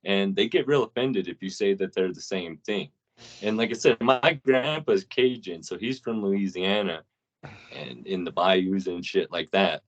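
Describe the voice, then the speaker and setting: A deep-voiced man co-hosts a casual podcast, spinning loose stories laced with plenty of swearing at a measured pace. The audio is dull and lo-fi.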